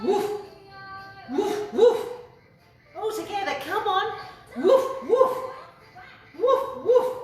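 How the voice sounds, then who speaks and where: Guiding children through a yoga class, an Australian woman stays playful and encouraging, chiming in with animal sounds. She has a high-pitched, fairly bright voice, heard through a distant mic in an echoey room with music in the background.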